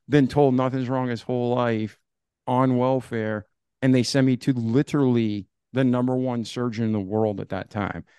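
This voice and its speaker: Animated man telling his story. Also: mid-range voice, measured pace, clear, resonant tone, no echo. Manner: animated, acts out dialogue with "I'm like". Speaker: podcast guest. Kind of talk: casual storytelling.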